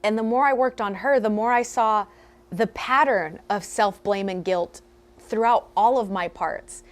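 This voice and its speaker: A woman's voice: mid-range voice, a little slow. A young woman vlogger telling a personal story candidly, with self-mocking humor.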